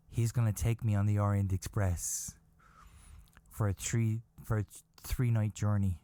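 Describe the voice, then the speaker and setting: A man hosting a podcast, telling a comic story in a rambling, animated way and swearing casually. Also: fairly low pitch, measured pace, clear, resonant tone, no echo. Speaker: podcast host.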